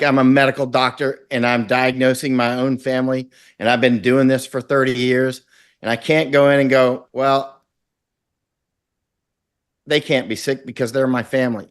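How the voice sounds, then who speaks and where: A middle-aged man from Florida speaks as an interview guest at an ordinary pitch. He talks intensely and rambles, slipping into acted-out quotes as he goes. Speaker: guest, war correspondent. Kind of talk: conversational interview.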